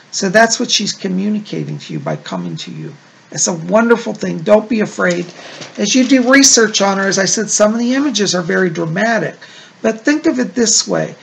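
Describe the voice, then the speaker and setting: A man with a high, gravelly voice hosts a psychic show, reading viewer letters in a casual, chatty, reassuring way and often saying "like" and "you know."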